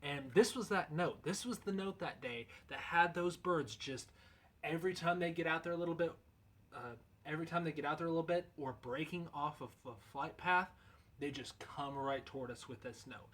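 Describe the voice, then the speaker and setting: A man's voice: fairly high pitch, normal speed, fairly bright tone. A man in a casual instructional video, explaining goose calling in a loose, folksy, conversational way.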